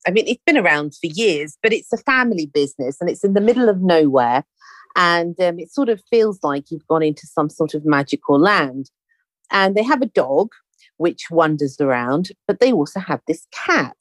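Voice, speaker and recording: A woman's voice: on the low side, dry recording. A woman telling a story in casual chat, acting out the dialogue as she goes. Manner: animated storyteller, acts out quoted dialogue.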